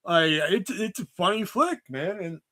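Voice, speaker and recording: A man's voice: sits high, lively intonation, normal speed, background noise. A man hosting a casual movie chat, rambling with lots of swearing and fillers. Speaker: host.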